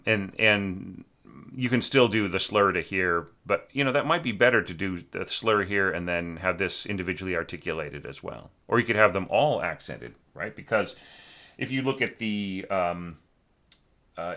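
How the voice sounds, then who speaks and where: A man with a low, bright and forceful voice, going through a student's orchestration. He talks loosely, with plenty of fillers, and now and then sings a phrase to show what he means. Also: moderate pace. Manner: chatty, full of fillers, sings phrases to illustrate. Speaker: orchestration teacher reviewing student scores. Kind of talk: informal spoken critique of a score.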